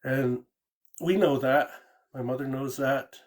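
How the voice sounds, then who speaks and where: A man calls in to share a true ghost story, speaking slowly with a medium-pitched voice, rambling casually, repeating words and saying "you know" often.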